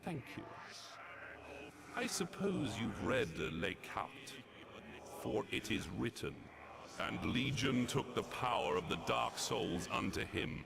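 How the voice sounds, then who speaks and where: An actor playing a sinister, ancient demon villain in a game, gloating and sneering. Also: male voice, medium pitch, very animated, crowd noise, exaggerated voice. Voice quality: gravelly, creaky. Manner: slow, theatrical, sneering.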